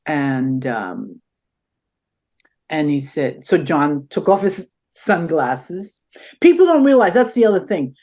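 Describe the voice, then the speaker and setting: Woman, older, low pitch, interview guest, animated storyteller, conversational. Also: takes it slowly. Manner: animated storyteller acting out quotes.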